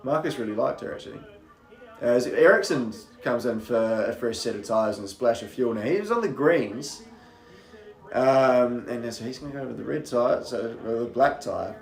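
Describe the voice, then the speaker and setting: Man, faint new zealand accent, casual race commentary, rambling cheeky asides, mid-pitched voice, roomy echo. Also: lively intonation, normal speed, faint music behind. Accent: faint New Zealand, mostly anglicized toward British.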